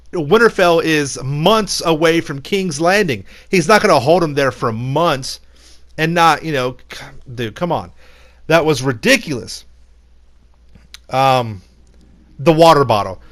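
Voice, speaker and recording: Exasperated young man ranting casually. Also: on the high side. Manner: animated, exasperated, slangy, full of restarts. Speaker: YouTuber ranting about a TV finale. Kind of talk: casual opinion rant.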